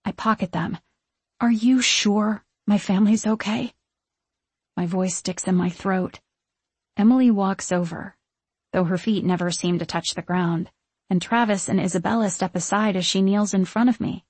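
Woman audiobook narrator, first person, expressive; husky voice, dry close recording. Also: on the low side, normal speed, no echo.

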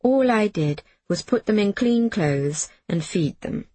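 A woman's voice: mid-range voice, animated, a little slow, warm tone, no echo. Woman doing a curt, practical guardian. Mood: firm.

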